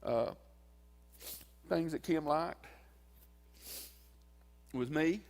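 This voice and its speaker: At his wife's funeral in a church sanctuary, a man gives a folksy eulogy, telling stories and acting out what people said. His voice is fairly high, a little mellow, and very slow. A long church reverb hangs over the recording.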